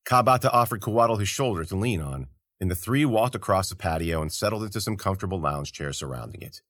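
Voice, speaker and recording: A man's voice: sits low, animated, fast, fairly bright tone, dry recording. A man reading a fantasy story aloud as a podcast narrator, telling it expressively.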